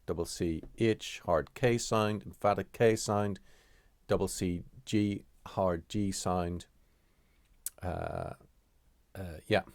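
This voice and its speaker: Deep-voiced guy teaching pronunciation, slow and halting, fixes his own words a lot, dry close sound. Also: animated, a little mellow, dry recording. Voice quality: halting, with frequent fillers and self-corrections. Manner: measured, deliberate delivery. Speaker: language teacher. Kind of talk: explaining pronunciation rules.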